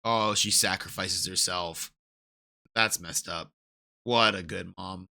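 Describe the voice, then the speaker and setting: A man hosting a casual manga reaction, reading aloud, who gets excited and swears freely. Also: deep voice, slow pace, gravelly. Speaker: reaction host.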